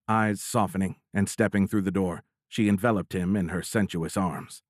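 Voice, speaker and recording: Low-voiced man narrating an audiobook. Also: no echo, studio quality. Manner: steady, measured storytelling.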